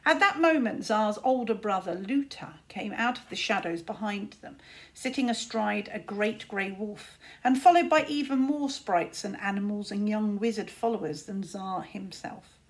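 A woman teacher reading a children's book aloud with expressive storytelling. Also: mid-range voice, unhurried.

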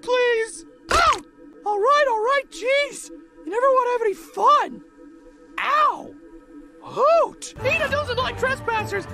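A shrill, piercingly high male owl-house creature from a cartoon, who yells eager exclamations and hoots between them. He draws his words out slowly, and loud cartoon music plays under him. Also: exaggerated voice. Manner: constant exclamations, punctuated by hooting. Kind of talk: animated cartoon voice acting. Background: loud cartoon score.

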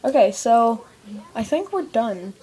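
A woman's voice: on the high side, big pitch swings, warm tone, breathy edge. A young woman hosting a casual home video challenge, chatty and giggly. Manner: giggly, quick back-and-forth. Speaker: YouTuber host. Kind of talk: casual chat. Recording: noisy home webcam recording.

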